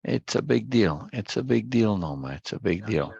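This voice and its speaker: A man's voice: lowish voice, lively intonation, normal speed, vocal fry, a little mellow, breathy edge, no room sound, highs cut off. A man hosting an online study group, chatting casually and greeting viewers one by one, often repeating his phrases. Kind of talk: casual livestream chat before a reading session.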